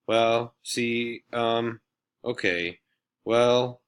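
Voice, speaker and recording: A man's voice: medium pitch, lively intonation, moderate pace, a bit bright, pitched above the performer's own voice, lightly acted. A man reading a storybook aloud, voicing a shy, nervous schoolgirl who stammers and hesitates.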